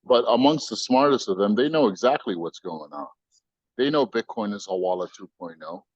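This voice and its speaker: A man's voice: fairly low pitch, lively intonation, moderate pace, a little mellow, slightly rough, dry recording, muffled recording. An American man, a company founder, talking as a guest in an emphatic, slangy, preachy storytelling way. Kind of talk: animated storytelling interview.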